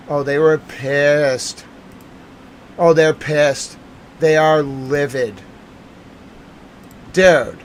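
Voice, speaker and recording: Streamer, male, high-pitched and slow-spoken, excitable ranting news reaction, faint noise behind. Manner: excitable, ranting, swears and repeats himself.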